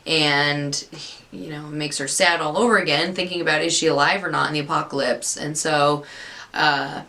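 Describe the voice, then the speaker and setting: Bright-voiced woman recapping a TV episode. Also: low voice, steady tone, normal speed. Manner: rambling, chatty retelling with self-interruptions. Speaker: TV episode reviewer.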